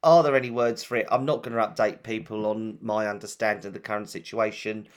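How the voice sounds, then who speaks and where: A man's voice: fairly low pitch, steady tone, a little fast. A man co-hosting a podcast, talking in a dry, joking, easygoing way in casual chat. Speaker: podcast co-host.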